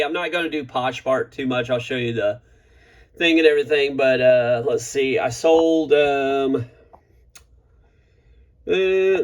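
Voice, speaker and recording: Guy rambling on his home vlog, lots of ums and uhs, average pitch. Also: fairly bright tone. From Florida. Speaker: eBay reseller vlogger. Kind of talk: casual vlog talk. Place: home room with a neon sign.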